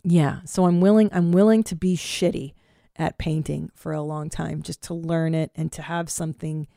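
A woman in her forties hosting a podcast, chatting casually and telling stories in a profane, self-mocking, animated way. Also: low voice, normal speed, gravelly, no echo, clean studio sound. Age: 40s. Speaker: podcast host. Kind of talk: casual solo chat.

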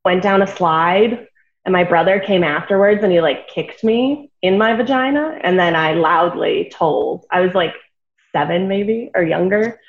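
A woman in casual podcast chat, telling lively stories over a video call. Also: on the low side, unhurried. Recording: roomy lo-fi video call audio.

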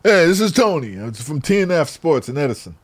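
A man's voice: a little high, very animated, a little fast, husky, no echo, pitched above the performer's own voice. A man voicing an insistent older male skate shop owner who demands boards. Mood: pushy.

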